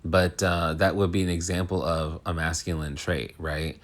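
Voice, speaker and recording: A man's voice: sits low, little pitch movement, moderate pace. A man who hosts an astrology channel, talking in a rambling, frank, casual monologue full of fillers and restarts.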